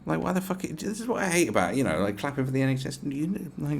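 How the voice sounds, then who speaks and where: A man's voice: fairly high pitch, sing-song, fast, vocal fry, slight background noise. A man with a British accent hosting a podcast, ranting in a casual, profane, sarcastic way. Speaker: podcast host.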